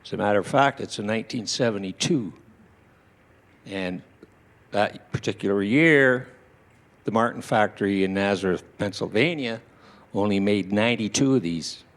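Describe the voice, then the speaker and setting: A man's voice: on the low side, moderate pace, long pauses. A man in his sixties telling personal stories to an audience at a small indoor venue, acting out what his relatives said. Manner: animated, acts out shouted quotes of relatives. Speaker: storyteller at a tribute evening.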